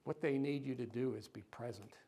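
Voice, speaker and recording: In a lecture hall, a male author gives a relaxed, conversational museum lecture at a brisk clip and medium pitch. He sprinkles in fillers and little chuckles, and his voice lifts whenever he reads quoted passages aloud.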